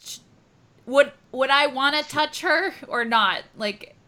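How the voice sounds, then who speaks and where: Bright, hesitant woman player. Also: high-pitched, slow pace. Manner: hesitant, thinking aloud. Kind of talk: casual tabletop play.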